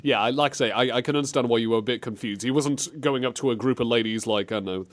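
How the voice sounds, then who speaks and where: A man hosting a comedic game show, excitable and jokey, joking through bits with his co-host. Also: mid-range voice, quick pace. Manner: excitable, jokey, breaks into laughs and silly voices. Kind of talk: comedic banter about games.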